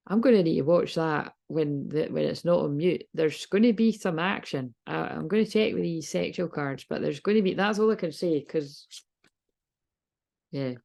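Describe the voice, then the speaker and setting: A woman's voice: lowish voice, gravelly, darkish tone. A British woman giving a casual tarot reading, rambling, laughing and swearing freely. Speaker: tarot reader.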